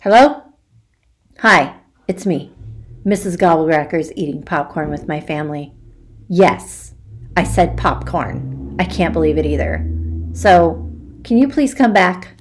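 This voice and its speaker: A woman reading aloud voices an excitable little girl who speaks high, loud and emphatically. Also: a little slow, pauses often, slight background noise. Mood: urgent.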